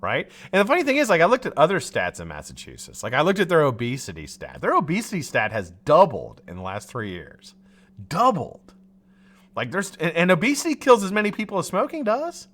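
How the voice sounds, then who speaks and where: A man's voice: on the high side, wildly swooping pitch, fairly quick, a bit bright. A man hosting a live stream, ranting in frustration, swearing freely and restarting his sentences. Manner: frustrated, profane, rambling with restarts; laughs at his own jokes. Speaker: livestream host. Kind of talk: heated live-stream rant.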